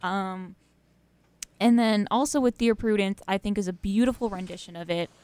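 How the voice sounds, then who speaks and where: A woman's voice: medium pitch, normal speed, a little mellow, smooth, dry recording. A young woman hosting college freeform radio, chatting casually and rambling between songs with lots of fillers and laughs. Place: radio studio.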